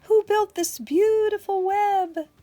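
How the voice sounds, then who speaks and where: A woman voicing friendly farm animals in a storybook read-aloud, with loud, high, lively calls. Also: slow, no room sound. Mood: playful.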